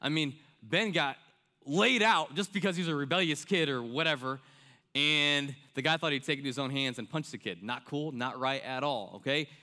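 A man's voice: fairly high pitch, normal speed, pushed and bright. A young man preaching a sermon in an earnest, conversational way, repeating key lines and tossing in "right?" and "I mean.". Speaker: pastor.

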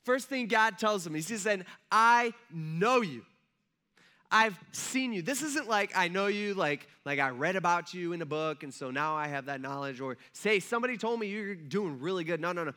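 A man's voice: high voice, fairly quick, hardly any pauses, pushed and bright. A male pastor giving a casual, conversational sermon with asides to his congregation.

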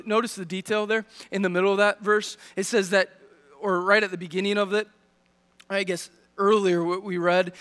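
A man with a high voice preaches in a church sanctuary, putting direct questions to his listeners. His words trail off into a long reverb from the big hall, and he restarts his sentences as he works through his point. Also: a bit bright. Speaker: pastor. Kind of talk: sermon.

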